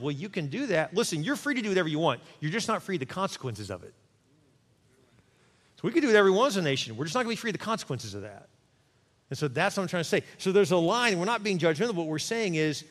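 A man preaching a sermon as pastor, animated and conversational, acting out little quoted voices. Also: high voice, quick pace. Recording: long reverb of a large hall.

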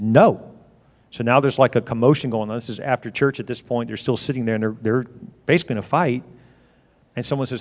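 A man's voice: medium pitch, a little mellow. Man, middle-aged pastor, sermon, conversational and emphatic storytelling, mid-range voice, long hall reverb. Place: church sanctuary.

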